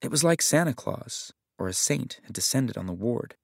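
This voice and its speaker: A man narrating a literary short story in a measured, reflective way. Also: medium pitch, animated, vocal fry, dry recording, clean studio sound.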